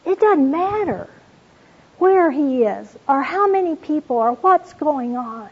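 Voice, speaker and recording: A woman's voice: high-pitched, very animated, slow. A woman teaching from the Bible in an earnest, storytelling way, reading passages aloud and speaking to listeners as "you all". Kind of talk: devotional teaching talk. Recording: dull lo-fi recording.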